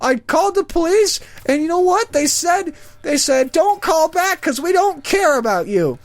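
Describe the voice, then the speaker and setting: A man voicing a flustered, chatty elderly woman phoning a store for help, talking in a high, wavering, repetitive ramble. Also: very animated, normal speed, no echo. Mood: indignant.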